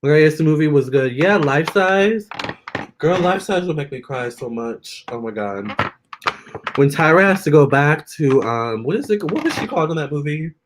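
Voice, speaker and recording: A young man chatting casually with viewers during a live stream, expressive and talking straight to his audience. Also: on the high side, normal speed, noisy background. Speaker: live-stream tarot reader.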